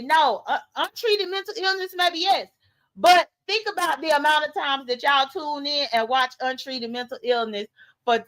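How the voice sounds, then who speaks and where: A woman hosting a casual livestream, commenting on drama and reading viewer comments aloud, animated and talking straight to her audience. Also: sits high, low-quality recording. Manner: animated, talks straight to viewers, rhetorical questions. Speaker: YouTube commentary host.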